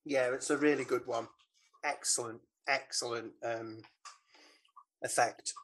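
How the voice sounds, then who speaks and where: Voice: medium pitch, fairly even intonation, measured pace, fairly bright tone. Co-host in casual chat, rambles through plot, mid-range voice. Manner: rambling, mimics film lines. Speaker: podcast co-host. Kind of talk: casual film recap chat.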